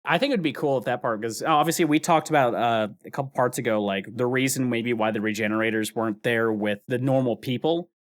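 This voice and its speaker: A man's voice: mid-range voice, quick pace, few pauses. A man giving casual let's play commentary, rambling with fillers and frequent laughs. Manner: chatty, rambling, laughs often, many fillers.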